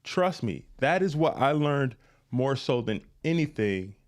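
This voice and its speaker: A man's voice: medium pitch, animated, measured pace. A man hosting a podcast, giving blunt, emphatic dating advice straight to listeners and repeating his points. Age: adult, past his youth. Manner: emphatic, repetitive, blunt and frank. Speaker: podcast host. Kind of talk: direct-to-listener advice monologue.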